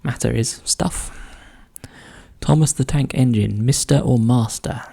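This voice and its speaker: Male solver, dark husky voice, musing aloud and whispering clues to himself as he works. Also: medium pitch. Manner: muses slowly, often muttering clues under his breath. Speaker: crossword solver. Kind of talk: thinking aloud while solving a puzzle.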